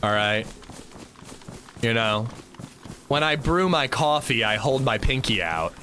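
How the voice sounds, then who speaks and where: A man's voice: mid-range voice, animated, slow pace, sharp tone, slight background noise. A man streaming a game, chatting casually and jokingly answering his chat. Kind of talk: casual livestream chat while gaming.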